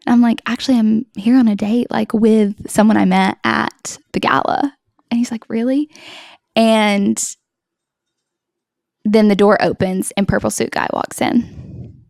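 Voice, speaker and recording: A woman's voice: mid-range voice, vocal fry, dry recording, clean studio sound. A young woman hosting a podcast, telling a personal story in a chatty way, laughing and acting out bits of dialogue. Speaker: podcast host. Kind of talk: casual story-time chat.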